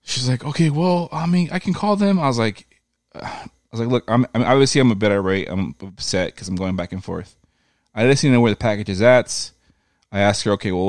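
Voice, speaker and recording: A man with a low voice tells a rambling story in a loose, profane way and slips into voices for the people in it. The sound is dry and close. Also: no room sound. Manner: profane, animated retelling with quoted voices. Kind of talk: casual storytelling chat.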